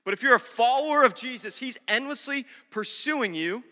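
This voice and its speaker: Pastor, male, high and piercingly bright voice; humorous storytelling sermon; church hall with long reverb. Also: lively intonation, moderate pace. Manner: humorous, talks directly to the congregation.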